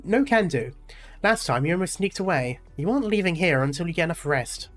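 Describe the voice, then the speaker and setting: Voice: mid-range voice, lively intonation, brisk, soft background music, natural voice. A streamer reading out a stern, caring young woman doctor in a game's story, firm and scolding in an everyday voice.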